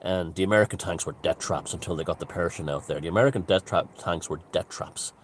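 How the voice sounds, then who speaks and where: A man's voice: low-pitched, fast talker, a little hiss or hum. A man giving a casual, rambling monologue, emphatic and full of restarts and asides. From Ireland. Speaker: author and commentator.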